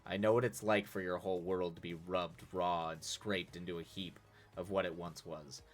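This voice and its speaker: A man reading aloud the lines of a stoic, deadly serious exiled man, speaking quietly and slowly. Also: low voice, steady tone. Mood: grave, quiet. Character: stoic, grave exiled man, slow and measured.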